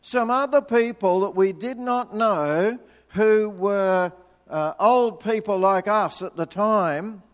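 An older preacher tells a story in his sermon, joking dryly as he goes. His voice sits high for a man and he takes his time. The sound rings with the long reverb of a church hall. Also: slow pace. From Tasmania, Australia. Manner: chatty and humorous, with wry asides. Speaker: visiting preacher.

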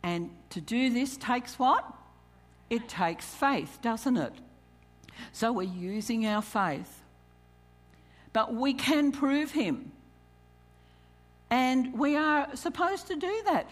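A woman preaching in a slow, unhurried way, her voice sitting a little high. She reads scripture aloud and calls out questions to the congregation. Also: expressive. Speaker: church speaker. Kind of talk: sermon on tithing.

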